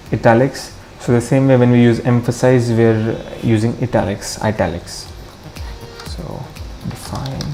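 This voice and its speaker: Mellow-voiced man thinking aloud. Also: medium pitch. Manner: thinks aloud, corrects himself, mixes Hindi into English. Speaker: coding tutorial host. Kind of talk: screen-recorded coding walkthrough.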